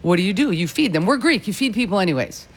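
A man who owns a restaurant talks in an interview, proud and emphatic. His voice sits slightly higher than most men's. He stresses each point as he makes it. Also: big pitch swings, fast talker. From Detroit. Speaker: restaurant owner.

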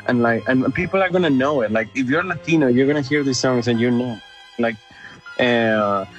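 A man from Mexico with a Mexican accent, an opera company director answering interview questions eagerly with many fillers. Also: medium pitch. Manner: enthusiastic, animated, lots of fillers.

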